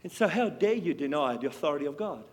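A man preaching a sermon with passion, swinging between loud and hushed. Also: a little high, expressive, fast talker. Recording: long hall reverb.

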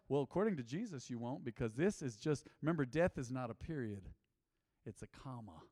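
A man's voice: mid-range voice, lively intonation, a little fast, mellow, big-room sound. A man preaching a sermon as a pastor, emphatic and full of rhetorical questions.

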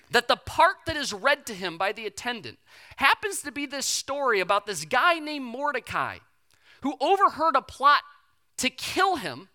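A preacher telling a Bible story in a loose, conversational sermon style, full of slangy asides. The voice sits mid-pitch and has a bright, ringing edge. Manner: casual and animated, slangy asides.

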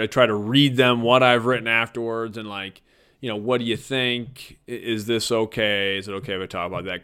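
A man's voice: medium pitch, clean tone. A middle-aged man telling personal stories about his kids in a casual, reflective monologue, chuckling now and then. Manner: warm, reflective, chuckles often.

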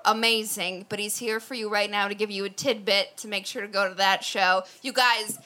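A woman's voice: mid-range voice, steady tone, moderate pace. A woman hosting a comedy show, pumping up the crowd and introducing the next comics. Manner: hyped, shouting to the crowd. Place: comedy club stage. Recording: noisy club recording.

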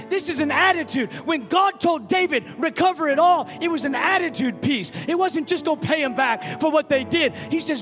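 A man preaching an impassioned sermon to a congregation, building up to shouts. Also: extremely high pitch, sing-song, a little fast. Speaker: pastor. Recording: reverberant hall with music behind.

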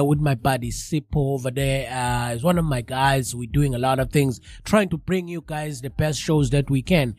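Radio host guy with a stuffy cold nose, chatty, slightly high voice, dry close sound. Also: a little mellow, no room sound. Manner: chatty, addresses listeners directly. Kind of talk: casual live radio talk.

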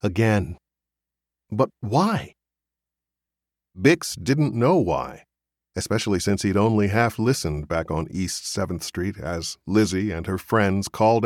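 A man narrating a literary novel as an audiobook reader, in a measured, expressive storytelling manner. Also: low-pitched, no echo, studio quality.

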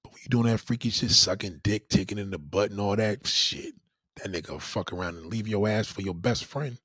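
Crude, husky-voiced male podcast host. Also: lowish voice, a little fast, no echo, clean studio sound. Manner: crude, profane, animated storytelling. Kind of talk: casual comedic monologue.

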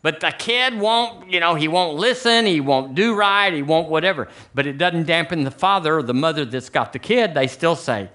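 A middle-aged man with a Southern American accent, preaching an animated sermon in a church, with joking asides to the congregation. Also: fairly high pitch, normal speed, hardly any pauses. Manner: animated preaching, rising to near-shouted emphasis on scripture; chatty asides and jokes with the congregation. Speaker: pastor. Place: church sanctuary.

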